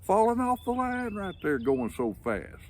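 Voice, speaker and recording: A naive young engineer full of wide-eyed questions, voiced by an older storyteller. His voice jumps high with surprise. Faint birdsong and rural outdoor sound sit behind. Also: big pitch swings, unhurried, a little hiss or hum. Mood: puzzled. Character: green young male engineer, naive and eager.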